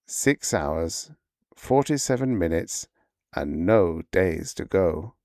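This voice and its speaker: A man narrating a bedtime sleep story in an unhurried, low voice. His pitch moves expressively across a wide range, and the sound is dry and close. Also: expressive, darkish tone, dry recording.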